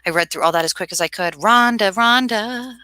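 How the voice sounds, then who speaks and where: Bright-voiced woman reading tarot live. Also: medium pitch, a little fast, no echo. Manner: animated, reads chat aloud, laughs often. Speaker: tarot reader hosting a livestream. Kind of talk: casual livestream chat.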